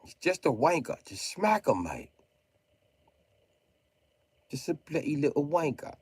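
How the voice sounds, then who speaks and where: A man livestreaming, ranting in mocking tones with sudden shouted bursts and jokey mock British slang. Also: on the high side, big pitch swings, unhurried, husky, dry recording.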